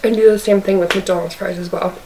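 A woman's voice: mid-range voice, fairly even intonation, brisk, mellow. Woman doing a mukbang at home, lots of "like", far from the mic, bit of hiss. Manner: chatty, fills speech with "like". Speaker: mukbang vlogger. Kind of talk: casual chat while eating. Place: apartment, by her bed. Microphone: camera's own mic, zoomed out. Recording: distant camera mic, faint hiss.

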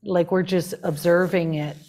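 Sharing her story as part of a spiritual community, this woman speaks in a somewhat low, dark-toned voice at a moderate pace and a steady tone. She stays earnest, rapt and heartfelt throughout, with lots of "like" and "you know."

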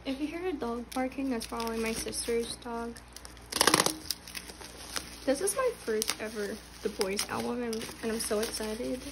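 A young woman vlogging casually at home, halting and restarting, gasping and squealing with excitement. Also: fairly high pitch, heavy background noise. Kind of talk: casual unboxing chat. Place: home room.

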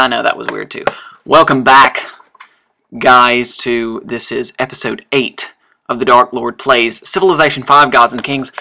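A man giving casual, rambling commentary while playing a strategy game, full of fillers and sudden excited exclamations. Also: medium pitch, vocal fry. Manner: rambling, chatty, frequent fillers and self-corrections. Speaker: let's-play host.

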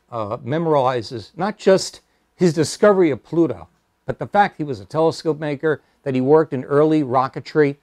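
A man's voice: medium pitch, darkish tone, no echo. A man giving an informal lecture to an astronomy club, hesitant with many fillers, mixing facts with wry asides. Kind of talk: public lecture with slides. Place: meeting room.

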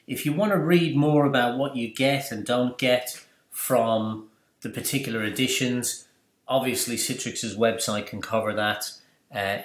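Man explaining a tutorial in a roomy space. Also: mid-range voice. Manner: explanatory, chatty, asks and answers his own questions. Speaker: tutorial presenter. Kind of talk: screencast software tutorial. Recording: roomy echo.

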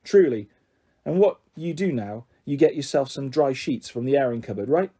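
A man's voice: medium pitch, lively intonation, moderate pace, mellow, breathy edge. A man reading aloud and voicing a bold, cheeky ten-year-old girl who lives in care, with a bossy, brash manner. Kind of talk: storybook character reading.

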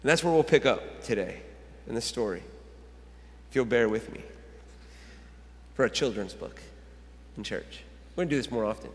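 A man's voice: medium pitch, expressive, normal speed, pauses often. A man preaching a sermon as a pastor, reading a children's book aloud in a conversational way and repeating phrases. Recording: long church hall reverb.

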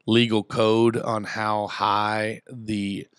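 Gravelly, bright-voiced rambling storyteller man. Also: lowish voice, little pitch movement, drawn-out words, no echo, clean studio sound. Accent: Southern Indiana. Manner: rambling storyteller, acts out quotes. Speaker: podcast co-host. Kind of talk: casual chat.

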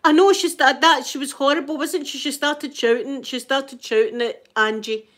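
Scottish woman, slightly high-pitched, casual gossipy storyteller who laughs easily. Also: moderate pace. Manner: gossipy and animated, keeps checking in with "right?"; laughs often while telling. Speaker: channel host.

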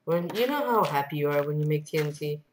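A woman giving casual let's-play commentary, rambling along and bursting into excited yelps. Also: low-pitched, fast. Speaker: gameplay commentator. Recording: noisy home computer mic.

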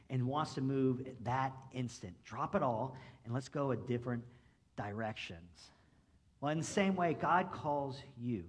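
A male pastor giving a sermon in a casual, conversational way, full of "like" and "right?", swinging between loud emphatic lines and quiet asides. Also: mid-range voice, animated, normal speed.

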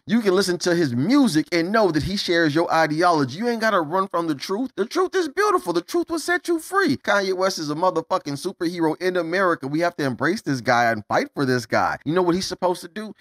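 A man's voice: a little high, a bit bright, no room sound, studio quality. A man delivering an impassioned, profane political monologue to his viewers. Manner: emphatic, preachy, profane. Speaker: political commentator.

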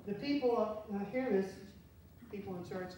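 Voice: mid-range voice, unhurried, warm tone. A pastor giving a conversational sermon, asking the congregation questions as he goes. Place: church sanctuary. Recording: very echoey church from far off, faint hiss.

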